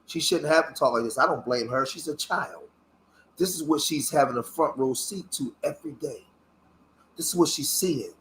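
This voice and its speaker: A man's voice: on the high side, normal speed, a bit bright, slight background noise. Impassioned man from Philadelphia. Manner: impassioned, preachy, swears. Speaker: online commentator. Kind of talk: reaction commentary.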